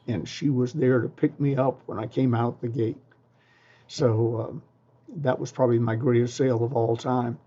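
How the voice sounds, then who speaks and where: A man's voice: medium pitch, fairly even intonation, moderate pace, warm tone, muffled recording. An older man, a sales trainer and interview guest, telling folksy stories and advice with frequent ums and restarts. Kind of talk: storytelling advice.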